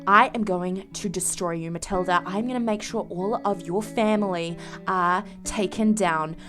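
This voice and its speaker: A woman's voice: lowish voice, normal speed, a bit bright, soft background music, voice pushed down, lightly acted. A woman voicing a grieving, defiant young woman. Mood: vengeful.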